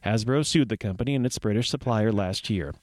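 A man's voice: lowish voice, a little fast, a little mellow, no echo. A man hosting a community radio news segment, reading items with wry, rambling asides and puns. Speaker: radio host. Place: radio studio.

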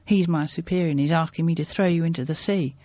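A woman playing a young gunman who toys with his captive in a cold, taunting drawl. The voice sits a touch low and husky, with slow, threatening phrasing. The sound is dry and muffled. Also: dry recording. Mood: menacing. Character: menacing young male militiaman with a gun.

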